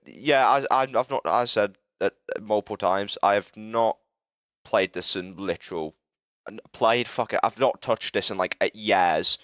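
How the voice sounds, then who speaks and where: A young British livestreamer with a lowish, slightly bright voice chats with viewers while fumbling through a game-building tool. He rambles, cuts himself off, swears, and gets frustrated quickly. The recording is dry and clean, with studio sound.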